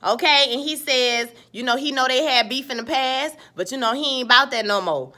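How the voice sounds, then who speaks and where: Woman, animated casual TV recap; crisp, bright tone. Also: a little high. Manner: animated, chatty storytelling with playful asides. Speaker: TV episode reviewer.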